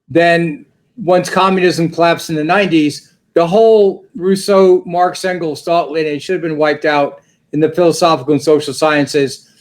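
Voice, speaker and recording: A man talking in an unscripted conversation, academic in tone, pausing and repeating words as he searches for terms. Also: fairly high pitch. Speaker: podcast talk guest.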